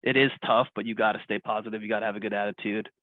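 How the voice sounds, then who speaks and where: A man's voice: fairly low pitch, fairly even intonation, very fast, no room sound. A man in a sales team telling a story on a video call, blunt and profane. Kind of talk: casual storytelling. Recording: tinny phone-like video call.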